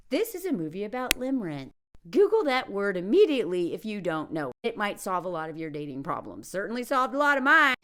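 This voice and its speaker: A woman's voice: mid-range voice, sing-song, a little fast, a bit bright. A woman reviewing a movie in a sarcastic, mocking tone, often switching into put-on voices to make fun of the characters. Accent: Southern American put on for jokes. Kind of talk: casual comedic movie review.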